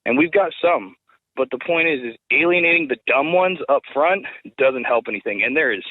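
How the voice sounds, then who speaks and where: A man's voice: medium pitch, expressive, brisk, no echo. A man calling into a show, arguing defensively with fillers and hedges. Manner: defensive, hedging. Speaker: caller. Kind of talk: call-in debate. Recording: tinny phone line.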